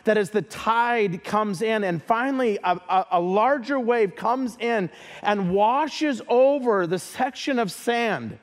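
A man's voice: high voice, slow pace. A man preaching a sermon as a pastor, earnest, often repeating words as he starts a phrase.

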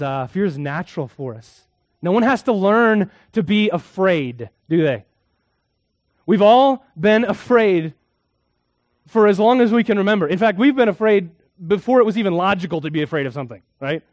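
A man preaching a sermon as a pastor, telling a story and shifting from hushed, quiet moments to loud, emphatic ones. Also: fairly high pitch, no room sound, studio quality.

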